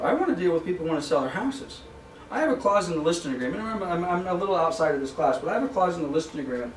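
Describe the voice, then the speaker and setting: A man's voice: on the high side, slight background noise. A man teaching a live real estate training class, acting out short dialogues with clients and sellers in shifting voices. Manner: animated, acts out little dialogues with shifting voices. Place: office training room. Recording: echoey room, mic at a distance.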